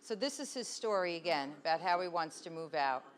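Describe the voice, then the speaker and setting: A woman's voice: fairly low pitch, lively intonation, fairly quick. A woman presenting to an audience in a room, explaining video clips in a conversational way and often checking in with "right?".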